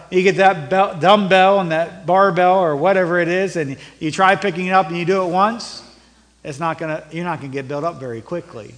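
A middle-aged male pastor preaching a sermon, rising to emphatic peaks and then dropping low and conversational. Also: fairly bright tone. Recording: long reverb of a church hall.

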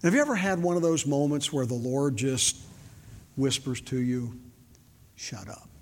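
An older man giving a sermon with folksy storytelling, shifting from loud emphasis to quiet, intimate moments. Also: mid-range voice, animated, normal speed, a little hiss or hum. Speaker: preacher. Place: large church hall. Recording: reverberant church hall.

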